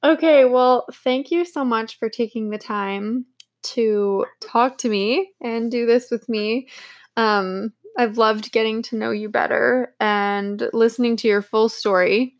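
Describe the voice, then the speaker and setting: A woman's voice: a little high, fairly even intonation, takes it slowly. A young woman hosting a podcast, chatting casually and laughing often as she acts out quotes. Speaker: podcast host. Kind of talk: casual chat.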